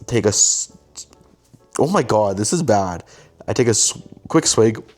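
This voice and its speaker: A young man hosts a casual storytelling talk in a slightly low voice. He tells it with animated energy and jumps into little acted-out quotes. Faint music sits underneath. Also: a little slow. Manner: animated, acts out quoted lines. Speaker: host, filmmaker.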